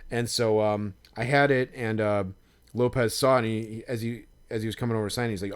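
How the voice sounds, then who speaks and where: A man's voice: fairly low pitch, fairly even intonation, fairly quick, clear, resonant tone. A young adult man co-hosting a podcast, telling stories casually with many fillers. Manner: rambling storyteller with many fillers. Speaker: podcast co-host. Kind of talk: casual chat.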